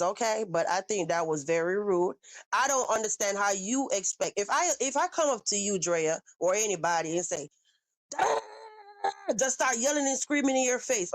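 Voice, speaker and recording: A woman's voice: mid-range voice, no echo. Chatty woman hosting a reaction stream. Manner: animated, asks viewers questions and reads chat aloud. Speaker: reaction video host. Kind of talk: casual live reaction commentary.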